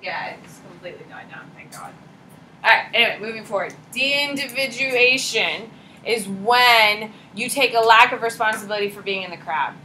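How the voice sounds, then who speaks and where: A woman's voice: fairly high pitch, moderate pace, a little hiss or hum, poor audio. A woman in her thirties, a teacher giving a chatty classroom lecture and quizzing her students. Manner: lively, chatty, asks the class questions.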